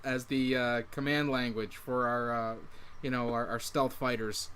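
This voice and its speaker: Bright-voiced man riffing sarcastically. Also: mid-range voice, level tone, unhurried, slight background noise. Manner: joking, sarcastic, laughs often. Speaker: podcast co-host. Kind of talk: casual movie-review chat.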